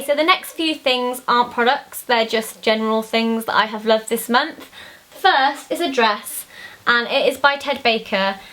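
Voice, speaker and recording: A woman's voice: fairly high pitch, a bit bright. A young woman, chatting casually and rambling a little as she talks through her favourite things. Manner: chatty, bubbly, rambling with many fillers. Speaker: beauty vlogger. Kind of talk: casual chat.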